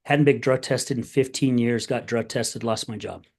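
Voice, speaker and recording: A man's voice: mid-range voice, moderate pace. A middle-aged man hosting a podcast, telling candid stories in a casual, plain-spoken conversation. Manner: storytelling, animated retelling of conversations. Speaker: podcast host.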